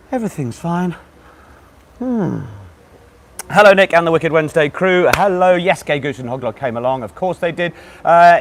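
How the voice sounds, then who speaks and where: A man hosting a live online pub quiz, chatting with viewers and reading out their messages while hoarse and still out of breath. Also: sits high. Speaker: quiz host. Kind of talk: live-streamed quiz banter.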